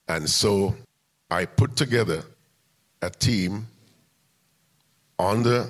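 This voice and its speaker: Deep-voiced older man telling stories. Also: fairly bright tone, breathy edge. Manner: recounts events step by step, acting out quoted dialogue. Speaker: music promoter and interview guest. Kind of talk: long anecdotal storytelling.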